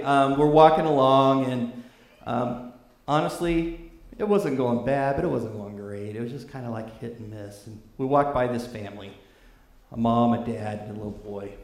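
Male preacher from California, chatty storytelling sermon, mid-pitched voice, roomy echo. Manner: conversational, animated storytelling with fillers.

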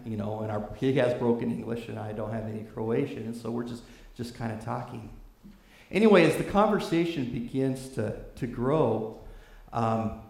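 Male preacher from California, chatty storytelling sermon, mid-pitched voice, roomy echo. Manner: conversational, animated storytelling with fillers.

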